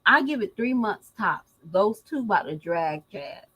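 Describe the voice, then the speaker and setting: A woman's voice: mid-range voice, expressive, unhurried, husky, lo-fi sound. A woman vlogger giving casual gossip commentary, slangy and emphatic, who laughs often as she talks.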